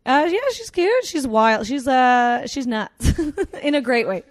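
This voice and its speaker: A woman from Canada, a guest comedian in a casual podcast chat, telling stories in an animated way and laughing often. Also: high voice, takes it slowly, no room sound. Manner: chatty, animated storytelling with frequent laughs.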